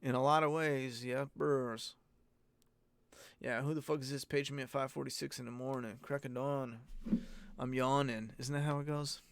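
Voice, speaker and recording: A man's voice: medium pitch, fairly even intonation, moderate pace, gravelly, a little hiss or hum. A man hosting a casual live-stream Q&A, talking bluntly and rambling, with plenty of swearing. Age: adult parent. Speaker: host answering viewer questions.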